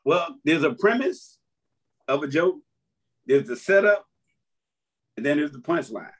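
A man's voice: a little high, lively intonation, measured pace, husky. A man who is a comedian, talking casually and animatedly as a podcast guest, breaking down how his jokes work and laughing through his stories. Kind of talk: casual chat explaining jokes.

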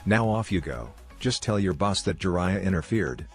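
A brash teenage boy ninja from a read-aloud fan story, cocky and teasing, as a man voices him. The voice sits low and a little husky, and faint music plays underneath. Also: lively intonation, moderate pace, full character voice.

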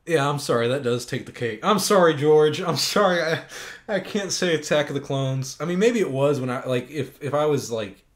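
A young man hosting a casual podcast, answering viewer questions in an animated, rambling way, laughing and swearing. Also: medium pitch, normal speed. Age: young adult. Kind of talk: casual chat.

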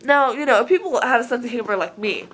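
A woman's voice: fairly high pitch, animated, fast, fairly bright tone. A woman from Southern Oregon talking casually to camera in an earnest, rambling way, full of filler words. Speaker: vlogger.

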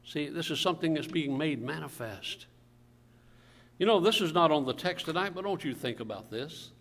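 Preaching a sermon in a church sanctuary, a male pastor fires rhetorical questions at his congregation and calls for amens, coughing now and then. His voice is on the high side, animated and fairly bright, at a moderate pace. The recording carries church hall reverb.

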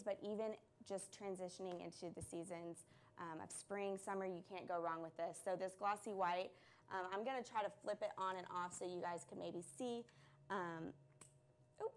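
A woman's voice: medium pitch, moderate pace, slight background noise. A woman hosting a live product stream, chatting casually and gushing over the items with plenty of "um" and "like.".

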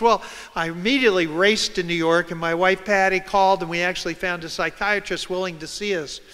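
A man speaks to a hall audience in a high, bright, smooth voice. He tells a personal story and acts out the voices of the people in it. The sound carries the long reverb of a large room. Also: steady tone, fairly quick, few pauses. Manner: storytelling, acting out quoted voices. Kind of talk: public talk.

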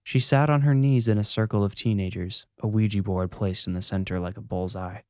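Deep-voiced male horror narrator. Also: fairly even intonation, a little fast, darkish tone, dry recording, studio quality. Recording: music playing behind.

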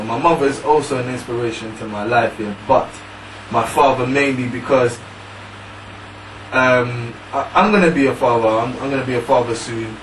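A man's voice: medium pitch, fairly even intonation, normal speed. A young man in casual discussion, speaking hesitantly with many fillers. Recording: roomy, distant mic, faint noise.

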